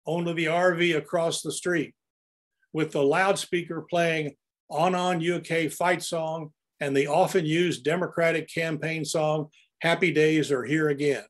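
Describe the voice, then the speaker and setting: An older man narrating his own photographs in an anecdotal, storytelling way as he presents them. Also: fairly high pitch.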